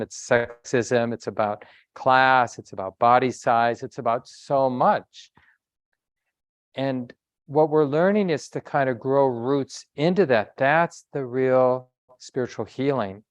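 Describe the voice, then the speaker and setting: A man giving a dharma talk as a meditation teacher, speaking in a reflective, conversational way with pauses and self-corrections. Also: medium pitch, dry recording.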